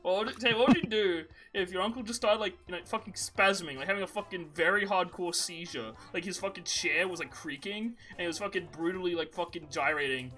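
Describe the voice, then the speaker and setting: A man hosting a podcast, telling animated made-up stories in casual chat, full of fillers. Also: high voice, a little fast, few pauses, soft background music. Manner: animated storytelling, many fillers. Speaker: podcast host.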